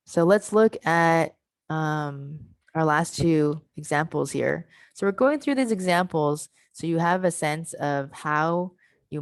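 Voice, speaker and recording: Woman, workshop trainer on a video call, low-pitched voice, methodical, models sounds slowly, dry mic. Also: no room sound. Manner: explains step by step, modeling sounds slowly and checking in with "right?". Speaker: workshop presenter. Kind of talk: online teacher-training workshop. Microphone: computer mic on a video call.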